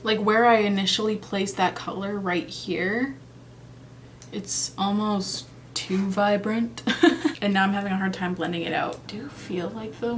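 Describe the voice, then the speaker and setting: A woman's voice: medium pitch, slight background noise. Chatty young woman reviewing makeup. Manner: chatty, thinking aloud, self-doubting. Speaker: beauty vlogger. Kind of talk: casual makeup review vlog.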